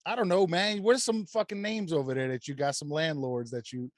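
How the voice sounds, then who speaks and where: A man's voice: a little high, steady tone, a little fast. A man co-hosting a podcast in casual chat, hesitant and crude, trailing off with fillers. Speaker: podcast co-host. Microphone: podcast mic.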